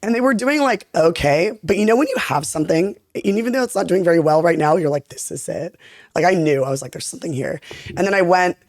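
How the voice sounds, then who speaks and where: Rapid, animated young woman storyteller. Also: on the low side, no echo, clean studio sound. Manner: animated, rapid talker full of fillers. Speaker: podcast guest, content creator. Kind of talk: casual storytelling chat.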